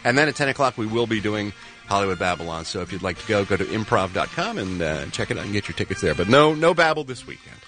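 A man reporting entertainment news on a radio morning show, with a lively, teasing announcer delivery. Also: lowish voice, quick pace, music in the background.

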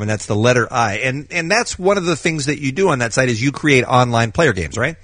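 A man hosting a morning radio show, telling stories in an animated, excitable way. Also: medium pitch, normal speed, few pauses, no room sound.

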